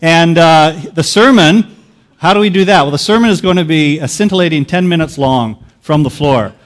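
A man's voice: a little high, moderate pace. A man preaching a sermon to a church, casual and joking in a teacherly way. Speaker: pastor. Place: church sanctuary.

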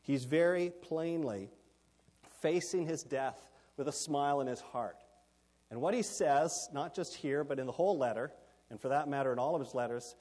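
A man's voice: on the high side, darkish tone, long reverb tail. A man preaching a sermon, explaining scripture verse by verse and giving note points for listeners. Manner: expository, explains Greek words, gives note points.

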